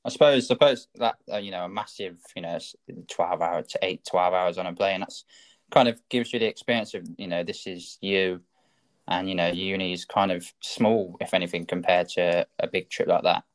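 A man with a fairly low voice hosts a relaxed interview podcast. He is supportive and asks long, wandering questions. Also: normal speed. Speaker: podcast host. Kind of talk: casual interview.

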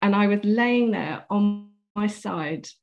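A woman being interviewed tells a personal story slowly in a medium-pitched voice, with soft music in the background and the high frequencies cut off. She speaks earnestly and vividly, acting out what people said.

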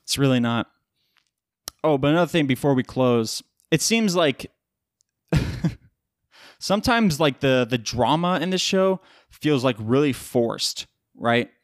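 A man's voice: medium pitch, animated, unhurried, pauses often, no echo, clean studio sound. A tired man hosting his own podcast, rambling loosely through casual chat and swearing now and then. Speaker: podcast host.

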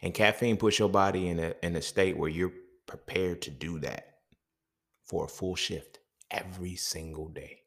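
A man's voice: low voice, steady tone, normal speed. A man hosting a podcast, talking in a casual, profane monologue full of rhetorical questions. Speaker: podcast host.

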